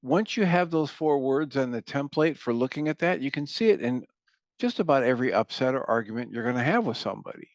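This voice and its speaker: Guy hosting a podcast, recapping stuff, mid pitch, dry mic. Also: animated, a little fast, no echo. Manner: summarizing and recapping for listeners. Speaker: podcast host. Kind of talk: conversational interview.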